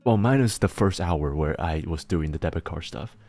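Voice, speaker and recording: A man's voice: sits low, lively intonation, moderate pace, a little mellow, faint music behind. A man streaming a casual chat as he works, rambling, laughing often and restarting his words. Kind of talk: casual chat while working.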